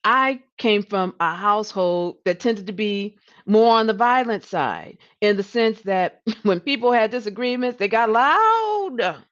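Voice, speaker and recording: A woman hosting a coaching livestream. She talks in an animated way, often restarts and repeats words, and her voice rises when she gets passionate. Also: medium pitch, unhurried, few pauses, lo-fi sound. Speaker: leadership coach and livestream host. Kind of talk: coaching talk.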